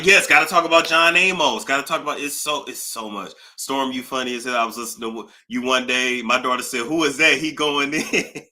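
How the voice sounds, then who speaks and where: Chatty male livestream host with a bright, forward voice; animated and talkative. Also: mid-range voice. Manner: animated, chatty, reading out donor thanks. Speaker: YouTube gossip host. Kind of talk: casual livestream chat.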